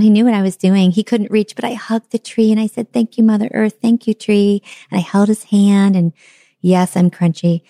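Middle-aged woman, warm mellow tone, dry close sound, self-deprecating storyteller. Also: mid-range voice, dry recording. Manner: animated and self-mocking, acting out her own reactions. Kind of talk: personal storytelling monologue.

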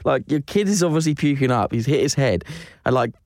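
A man co-hosting a casual podcast, laughing along and adding quick jokes. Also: mid-range voice, animated, darkish tone, no echo, studio quality. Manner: chuckling, chiming in with quips. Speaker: podcast co-host. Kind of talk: casual chat.

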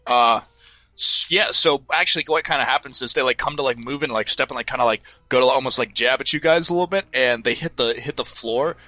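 A man's voice: medium pitch, fairly quick, pushed and bright, no echo. A man running a tabletop game as game master, narrating with lots of fillers and self-corrections. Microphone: headphones and desk mic.

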